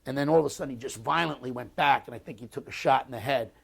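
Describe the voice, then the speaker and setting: An American man in his sixties tells his story in an oral history interview. His voice sits at an ordinary middle pitch. He speaks bluntly and swears, with halting starts and restarts. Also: gravelly, slightly rough. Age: 60s. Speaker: war veteran interviewee.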